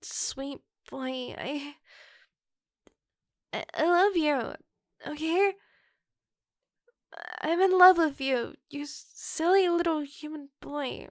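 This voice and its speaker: Muscular wolf girl monster played by a woman, audio role-play, slow drawl, gravelly, dry close sound. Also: on the high side, no room sound. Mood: shy confession. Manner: slow, gravelly, dropping into breathy whispers.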